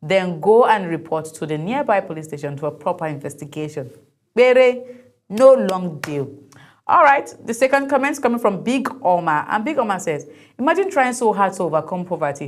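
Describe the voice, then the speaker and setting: A woman hosting a TV talk show, giving chatty, opinionated commentary and laughing easily. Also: on the low side. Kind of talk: commentary on viral videos.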